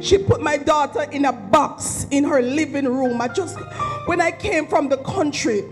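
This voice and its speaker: Lady speaking slow at a memorial, choked up and preachy, music going behind her. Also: high voice, low-quality recording. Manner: rambling, heartfelt, preacherly. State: emotional, near tears. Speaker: eulogy speaker at a memorial service. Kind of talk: emotional spoken tribute.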